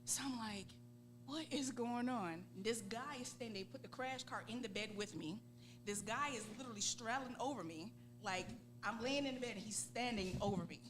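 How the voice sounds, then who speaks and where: A woman in her forties with a Southern US accent, a guest on a talk show, telling a lively story and acting out voices. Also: on the high side, moderate pace. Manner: laughing, acts out voices in quotes. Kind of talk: animated storytelling. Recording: steady background hum.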